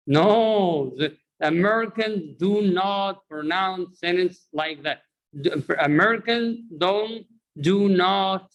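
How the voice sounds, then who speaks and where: A man's voice: high-pitched, a bit bright, poor audio. A man with an Egyptian Arabic accent teaching English pronunciation, drilling words by repetition and explaining in Arabic. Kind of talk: bilingual pronunciation lesson.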